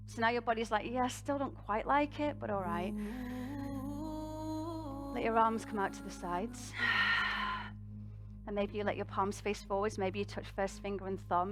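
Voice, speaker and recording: A woman with a British accent teaching a live yoga class, guiding poses and breath with rousing encouragement and a self-mocking laugh. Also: mid-range voice. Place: live event venue, music playing.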